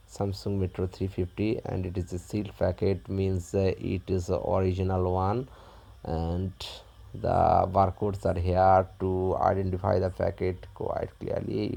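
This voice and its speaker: A man narrating an unboxing step by step in a halting, plain way. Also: deep voice, little pitch movement, gravelly, warm tone. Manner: halting, plain, describes each step as he does it. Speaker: unboxing vlogger.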